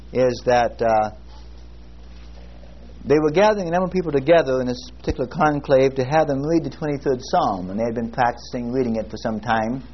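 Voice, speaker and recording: A man teaching a Bible class, praying and telling a story in an earnest, halting way, with frequent fillers and restarts. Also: medium pitch. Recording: muffled lo-fi recording with faint hiss.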